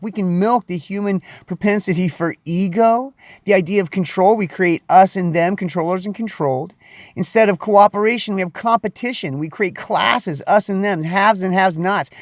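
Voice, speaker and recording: Dry and lo-fi, the recording catches a host with a high-sitting voice performing a playful solo monologue. He hams it up, elongating words for dramatic emphasis.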